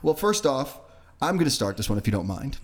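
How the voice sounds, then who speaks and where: A man's voice: medium pitch, fairly quick. A man co-hosting a podcast in casual chat, joking around and reading out listener comments. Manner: jokey, animated, reads listener comments. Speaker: podcast co-host.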